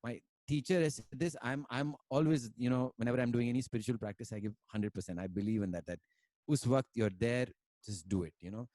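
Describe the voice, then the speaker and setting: A man chats over a video call, wandering through his stories with lots of fillers and the odd Hindi word. His voice sits at an everyday middle pitch, and the sound is dry and close with no room around it. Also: a little fast, dark tone, no room sound. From India. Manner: rambling, many fillers, mixes in Hindi words. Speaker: musician guest. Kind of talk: casual conversation and storytelling.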